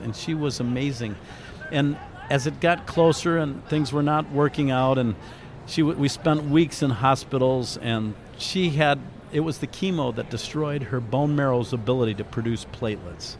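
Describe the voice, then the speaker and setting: A man's voice: mid-range voice, moderate pace, slight background noise. A middle-aged man, a guest on a faith radio interview, telling a heartfelt personal story in an earnest, reflective way. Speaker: interview guest, author and ministry founder.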